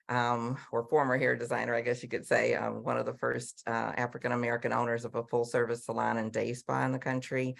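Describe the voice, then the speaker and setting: A middle-aged woman moderating an online panel over a video call, upbeat and chatty with frequent ums, her voice going hoarse. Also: a bass voice. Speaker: panel moderator and business coach.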